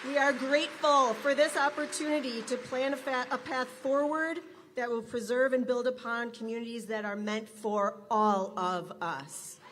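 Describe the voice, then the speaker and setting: A woman organizer gives an upbeat, exhorting speech to a rally crowd. Her voice sits a little high, and it carries a long hall reverb. Faint noise sits underneath. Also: steady tone, moderate pace. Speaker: local organizer introducing speakers.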